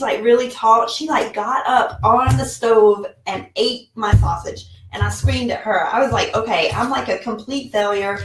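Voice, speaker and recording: A woman's voice: medium pitch, gravelly, far from the mic. Chatty woman in an echoey home office. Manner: chatty, rambling, with many fillers. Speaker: online seller and vlogger. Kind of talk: casual talking-head vlog. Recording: roomy echo, mic set back.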